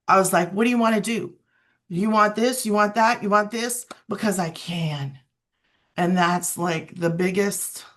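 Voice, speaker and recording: A woman's voice: mid-range voice, a bit bright. A middle-aged woman giving a casual, earnest testimonial as a guest, talking in an emotional storytelling way. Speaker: guest sharing her story.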